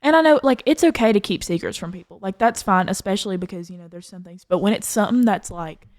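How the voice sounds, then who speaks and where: A woman co-hosting a casual church podcast, talking in halting, hesitant sentences. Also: mid-range voice, a little mellow. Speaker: podcast co-host. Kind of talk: casual chat.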